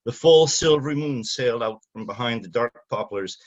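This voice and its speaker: An older man from Canada talks about his book in a halting way, full of fillers and restarts, then reads passages aloud. His voice sits at a middling pitch for a man. The recording is somewhat dull and lo-fi. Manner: halting, many fillers and restarts when speaking freely. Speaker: author at a reading. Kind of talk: talk then reading from his novel.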